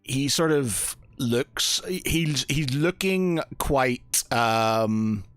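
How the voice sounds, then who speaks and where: Casting: unhurried, hesitant male game master, dry close sound. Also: medium pitch, smooth, no echo. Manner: hesitant, many fillers. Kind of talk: narrating a tabletop game.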